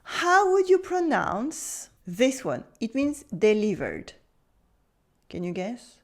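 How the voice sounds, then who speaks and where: A French woman teaching pronunciation in English with a French accent, enunciating slowly and carefully and prompting the listener to repeat after her. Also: a little high, wildly swooping pitch. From France. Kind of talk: pronunciation lesson.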